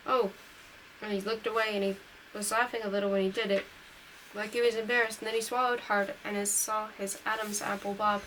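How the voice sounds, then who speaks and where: A woman reads a novel aloud in an unpolished, home-recorded way, pausing to correct her own slips. Her voice sits in a middle pitch and gets a little brighter and louder on the characters' lines. A faint steady hiss runs under the recording. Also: low-quality recording. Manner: reads dialogue lines a little louder and livelier than narration. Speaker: audiobook reader. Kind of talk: amateur read-aloud of a novel.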